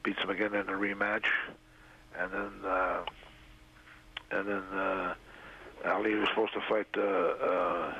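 An older man, a raspy-voiced interview guest, tells a long story in a halting way, full of "uh" fillers, on a dull lo-fi recording. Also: low-pitched, little pitch movement, a little hiss or hum. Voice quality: gravelly, raspy. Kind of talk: rambling storytelling. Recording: dull lo-fi radio sound.

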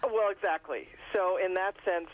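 Animated woman telling stories, muffled audio. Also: lowish voice, moderate pace. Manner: animated storyteller, laughs often. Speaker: author guest. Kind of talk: radio interview storytelling.

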